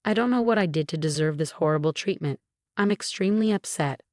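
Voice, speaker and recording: A domineering older mother-in-law, indignant and self-pitying, as a woman reads her lines. The voice sits low and sounds dry and close, with no room around it. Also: expressive, a little fast, darkish tone, no room sound. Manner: indignant, complaining.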